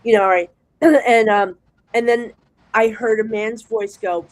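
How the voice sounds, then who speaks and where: A middle-aged woman with a New Jersey accent tells stories in a chatty, rambling way, full of restarts. She is a psychic guest on a casual show, and her delivery stays animated throughout. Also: a little high, measured pace, no echo, low-quality recording. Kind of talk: casual storytelling chat.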